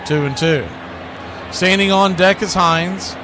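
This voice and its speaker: Man, baseball play-by-play announcer, higher voice, steady pitch-by-pitch calls, noisy background. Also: takes it slowly. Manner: steady pitch-by-pitch calling, rising excitement on big plays.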